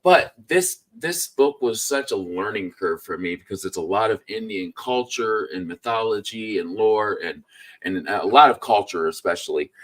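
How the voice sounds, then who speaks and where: A man hosting a casual live-stream chat about books, easygoing and quick to laugh. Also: fairly low pitch, animated.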